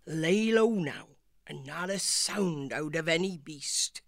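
A man voicing a cautious shrew giving hushed, urgent warnings in whispered role-play. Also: a little high, expressive, slow pace, vocal fry, no echo, studio quality, pitched above the performer's own voice, full character voice. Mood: tense. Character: cautious shrew boat leader.

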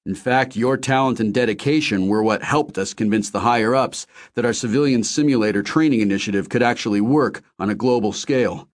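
A man's voice: mid-range voice, fairly quick, few pauses, voice pushed up, natural voice. A man voicing a cheerful middle-aged male company founder, friendly and gracious in an audiobook.

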